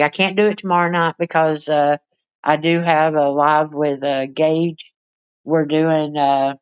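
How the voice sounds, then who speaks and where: A woman with a smooth voice hosts a livestream, chatting in a rambling way with viewers and cooing at her pets in a high baby voice. She's recorded on a phone, and the sound is dry and lo-fi.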